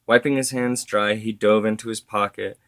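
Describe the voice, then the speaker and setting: Low-voiced man reading a story. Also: normal speed, dry recording. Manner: steady, occasional stumbles and self-corrections.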